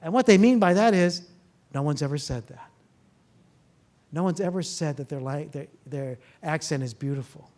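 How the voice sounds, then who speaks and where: A man, a therapist, giving a public talk to a live audience, telling stories and asking the listeners rhetorical questions. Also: a little high. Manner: acts out dialogue in lively voices.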